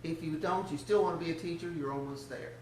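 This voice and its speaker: A woman's voice: low voice, fast talker, noisy background, natural voice. An older woman quoting a firm, protective father who reassures his daughter. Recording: roomy, distant church sound.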